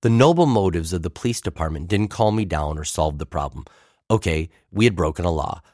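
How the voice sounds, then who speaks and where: A male pastor reads a personal story aloud with a wry, understated storyteller's touch. His voice sits on the lower side, and the recording is close and dry, with no room echo. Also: expressive, brisk, darkish tone.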